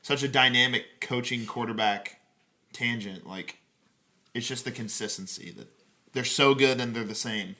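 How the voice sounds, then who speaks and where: A man with a bright, forward voice banters on a casual sports podcast. He fires off quick, opinionated takes and jokes, keeping the chat loose and playful. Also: medium pitch. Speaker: podcast co-host.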